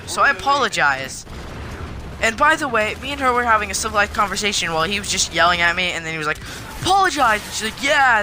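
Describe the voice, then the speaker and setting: A male vlogger with a high, very bright, sharp-edged voice tells his story straight to camera. He sounds animated and indignant, and a faint hiss sits under him.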